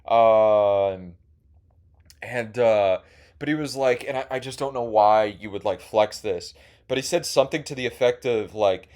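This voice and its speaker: A man's voice: lowish voice, measured pace, a little mellow. A young man telling a rambling, profane, sarcastic story as host of a casual comedy monologue, full of fillers.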